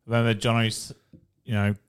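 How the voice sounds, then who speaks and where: An Australian man with a fairly low voice yarns about his playing days in a relaxed podcast chat. He swears freely and laughs through his stories. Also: fast talker, smooth. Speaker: former professional footballer.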